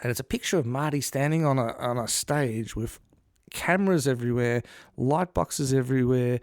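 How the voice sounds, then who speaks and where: A man chats casually on a podcast and tells long, rambling stories. His voice is gravelly, with plenty of ums and false starts. The sound is dry and close. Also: medium pitch, normal speed, no echo. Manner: rambling storyteller, many ums and restarts. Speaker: podcast co-host. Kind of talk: casual chat.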